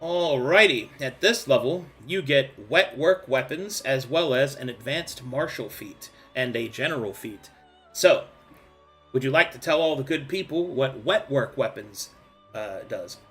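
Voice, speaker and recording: A man's voice: medium pitch, expressive, unhurried, a bit bright, faint music behind. A man acting as game master, playfully guiding a player through a level-up in a tabletop game. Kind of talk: running a tabletop game session.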